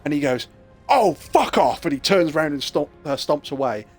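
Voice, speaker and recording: A man's voice: a little high, fast talker, soft background music. Dry-humoured British man. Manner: dry, jokey storyteller. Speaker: gaming friend. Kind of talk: casual gaming chat.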